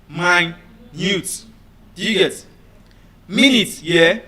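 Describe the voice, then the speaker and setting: A man giving a classroom lecture, deliberately repeating words and often checking whether his students understand. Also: high voice, sharp tone. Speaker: teacher.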